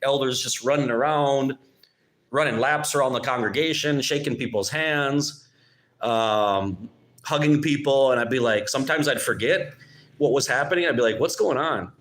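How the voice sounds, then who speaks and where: A man from Minnesota, United States, hosts his YouTube channel in a rambling, sarcastic live-stream chat. His mid-range voice is a bit bright, and his speech is halting, with many restarts and sarcastic asides.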